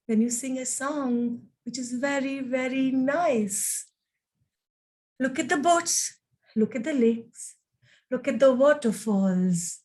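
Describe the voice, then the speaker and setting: A woman, a professional storyteller, telling a children's story in a gentle, expressive way that speaks directly to the children. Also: sits high.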